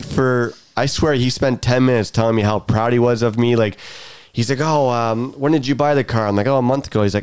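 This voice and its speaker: Smooth-voiced man telling a story. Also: mid-range voice. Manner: animated anecdote telling with quoted voices. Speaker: podcast co-host. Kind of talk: casual chat, storytelling.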